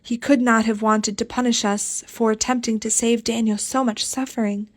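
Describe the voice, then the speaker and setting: A woman's voice: fairly high pitch, level tone, moderate pace, close to an everyday voice. A woman voicing an eldest sister in an audiobook, impetuous and trembling, close to tears.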